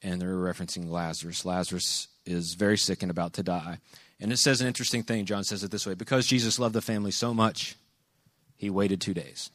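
A man's voice: sits low, fairly even intonation, a little fast, a bit bright, no room sound, studio quality. A man giving a casual, conversational sermon, telling stories animatedly and acting out quoted lines. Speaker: preacher. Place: venue with a live audience.

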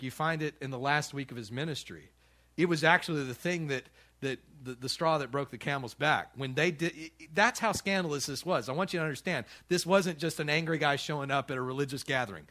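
Bright and forceful, this American pastor's voice runs on the high side as he preaches fairly quickly in a church. His delivery is casual, with frequent restarts and light laughter.

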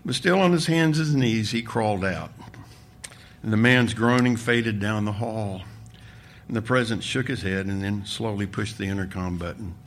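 A man, a pastor, reading a story aloud with expressive delivery during a sermon. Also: lowish voice, normal speed, a little hiss or hum. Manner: expressive storytelling, voices the characters.

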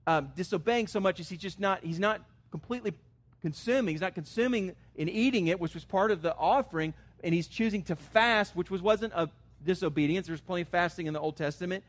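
A man's voice: high voice, a little fast. A man preaching a sermon as pastor, earnest and conversational, rising to emphatic stresses on key words. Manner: conversational asides with fillers.

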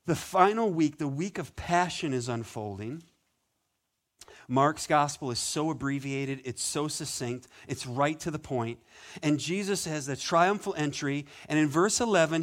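A man preaching a sermon as pastor, conversational and animated, with playful asides. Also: medium pitch.

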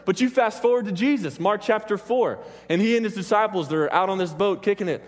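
Man, preaching, rambling and joking, fairly high voice, long hall reverb. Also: a little fast, few pauses. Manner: rambling, self-interrupting, joking with the crowd. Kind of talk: sermon with personal stories. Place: church hall with an audience.

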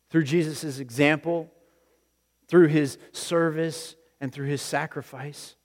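A man's voice: mid-range voice, a little mellow. Man preaching conversationally in a reverberant hall. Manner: conversational, repeats phrases, often starts with "listen". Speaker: pastor. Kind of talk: sermon. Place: church sanctuary.

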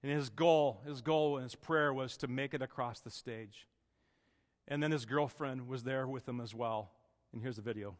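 A man's voice: mid-range voice, normal speed, in a large hall. A man preaching a sermon as pastor, earnest and conversational, with restarts and plain everyday phrasing.

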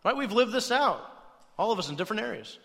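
A man's voice: high voice, fast talker, creaky, big-room sound. A young adult man preaching a conversational sermon, often checking in with "right?". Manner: conversational, animated, tags points with "right?". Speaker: pastor.

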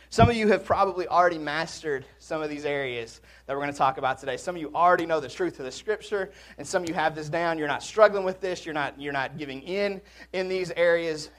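A man preaching a conversational sermon in a church, with jokes and asides to the congregation. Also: fairly high pitch. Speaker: pastor. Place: church sanctuary.

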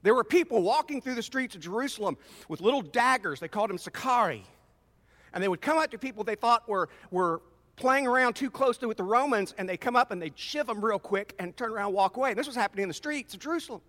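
A man preaching a sermon in a high, bright, forceful voice that swings widely in pitch. He talks conversationally and acts out voices, and the long reverb of a large church hall hangs behind him. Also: animated, fast talker. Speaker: pastor.

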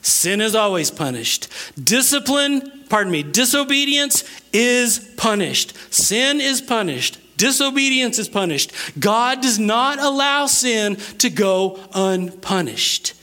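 A male preacher with a bright, forceful voice delivers an emphatic sermon. He moves between loud, punchy declarations and quiet asides, and acts out the scripture with voices. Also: high-pitched, very animated, slow. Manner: dramatizes scripture with acted voices. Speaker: pastor.

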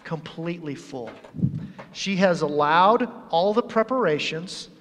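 A high-pitched male pastor preaches with animated humor, acting out the scenes of his story. His voice carries through a church sanctuary with a long, ringing hall reverb. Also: measured pace. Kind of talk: sermon.

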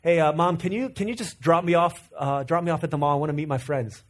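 A man's voice: a little high, quick pace, lightly acted. A man playing a mumbling, sulky teen girl. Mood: pleading. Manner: mumbling, reluctant, quiet. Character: embarrassed sulky teenage girl.

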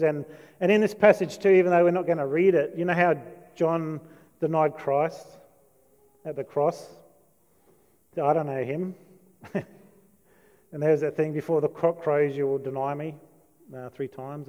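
Male preacher, high-pitched, eager storyteller, with long reverb from a big hall. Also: dark tone. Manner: enthusiastic, storytelling with asides and quoted lines. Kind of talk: sermon.

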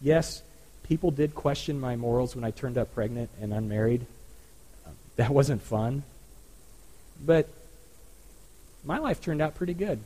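A man's voice: mid-range voice, animated, unhurried, long pauses, dark tone, low-quality recording. A man voicing an elderly mother who proudly and folksily looks back on her life. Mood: fond, reminiscing. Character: elderly woman, a mother looking back contentedly.

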